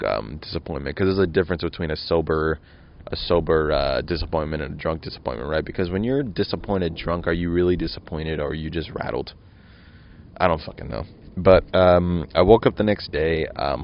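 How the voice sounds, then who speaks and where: A man's voice: low voice, highs cut off, slight background noise. A young man hosting a podcast, telling a rambling, profane story about his weekend and acting out what he and his friends said. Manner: rambling and profane, quotes himself and friends in raised voices. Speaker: podcast host. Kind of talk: casual monologue storytelling. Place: at home.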